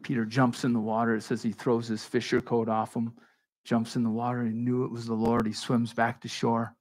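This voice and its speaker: A male pastor preaching in a loose, conversational manner that keeps building into emphasis. His voice sits at an ordinary middle pitch for a man. He restarts phrases and throws quick asides to the congregation as he goes. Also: monotone, a little mellow. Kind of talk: expository sermon.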